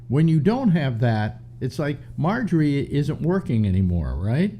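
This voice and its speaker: An older man hosting a call-in talk show, chatting casually with a stuffy nose and many halting restarts. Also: a little high, very animated, warm tone, a little hiss or hum. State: stuffy nose, slightly short of breath. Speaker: radio talk show host. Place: home studio in New York.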